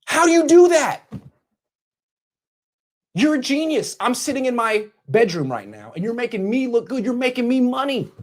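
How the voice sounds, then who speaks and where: A man's voice: extremely high pitch, sing-song, moderate pace, long pauses. A man ranting sarcastically straight at the camera in a vlog from his bedroom, mocking and scolding as he talks. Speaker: sports commentator.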